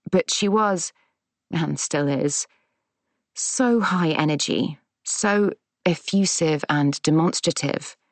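A woman narrating a first-person audiobook in a measured, gentle, reflective way. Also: low-pitched, vocal fry, dry recording.

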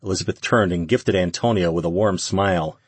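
Deep, husky male narrator. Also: fairly quick, no room sound. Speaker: audiobook narrator. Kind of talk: scripted narration.

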